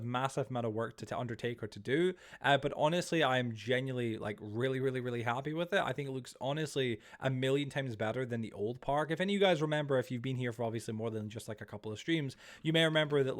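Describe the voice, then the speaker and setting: A young man chatting casually on a live stream, greeting chat and rambling with many restarts. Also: mid-range voice.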